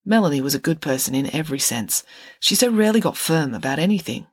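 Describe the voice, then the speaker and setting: A woman author reading a chapter of her own story aloud, expressive and playful. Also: sits low, fast, breathy edge, no echo, clean studio sound.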